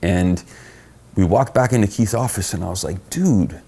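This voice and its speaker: A middle-aged man, a podcast guest, telling stories in casual chat, profane and animated as he acts out what people said. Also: sits low, normal speed, creaky, husky. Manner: profane, animated storyteller acting out quoted dialogue.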